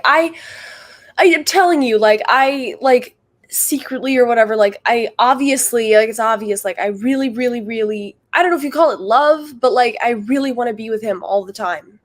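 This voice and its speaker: A woman talking on a livestream, rambling and halting, with heavy use of filler words and a soft, unsure delivery. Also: a little high. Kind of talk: confessional livestream talk.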